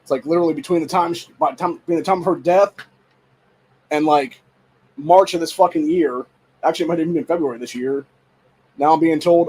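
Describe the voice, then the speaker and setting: A man's voice: fairly high pitch, quick pace, darkish tone, breathy edge, poor audio. A man in his forties from Ohio, hosting a podcast and venting in a frustrated, profanity-filled rant. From Ohio, USA. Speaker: podcast host. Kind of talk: casual venting monologue.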